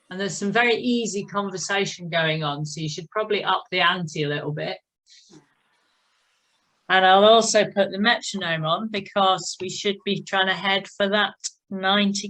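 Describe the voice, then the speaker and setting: Coaching an indoor cycling session by video call, this woman calls out time counts and drifts into chatty asides. She speaks unhurriedly, with a medium pitch and a fairly bright tone, on a rough recording.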